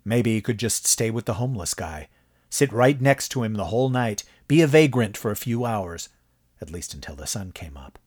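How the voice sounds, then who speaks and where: A man reads a horror story aloud from a script, with dramatic storytelling. His voice is very deep and husky. His pitch rises and falls a great deal to build tension. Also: lively intonation, normal speed, a little mellow. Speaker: audiobook narrator.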